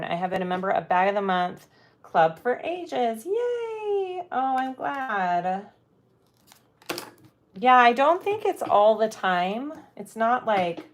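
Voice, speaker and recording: A woman's voice: medium pitch, a little hiss or hum. A middle-aged woman hosting a casual sewing livestream, chatting playfully, laughing often and reading viewer comments aloud. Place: home sewing room.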